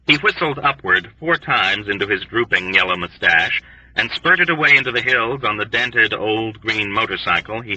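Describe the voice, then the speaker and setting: Husky-voiced male audiobook narrator. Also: fairly low pitch, bright, forceful tone, dry recording, recorded from a distance. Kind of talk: scripted narration. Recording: dry, dull lo-fi recording.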